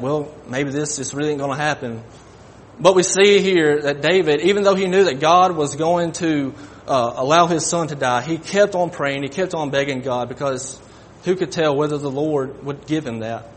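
Man, sermon, halting and repetitive, slightly high voice, faint rumble behind. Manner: halting, repeats words, folksy. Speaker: preacher.

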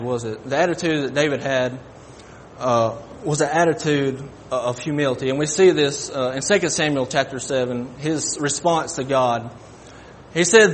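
A man preaching a sermon, halting and folksy, often repeating his words. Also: fairly high pitch, slight background noise.

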